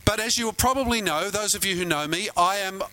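A man's voice: high voice, quick pace, pushed and bright, rough recording. A man preaching a sermon as pastor, telling stories in a conversational way and asking the congregation questions.

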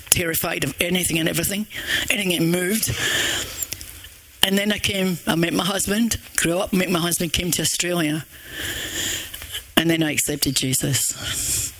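A woman's voice: on the low side, fairly bright tone, dry recording. An older woman with a Scottish accent giving an earnest, rambling church testimony with many restarts. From Scotland.

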